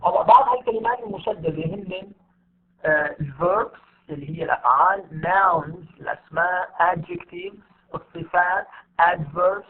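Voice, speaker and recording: A man teaching English word stress in an online class, stretching English examples out slowly and explaining quickly in between. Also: high voice, a little hiss or hum. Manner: switches between slow, drawn-out English demonstrations and rapid Arabic explanation. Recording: tinny phone-like online audio.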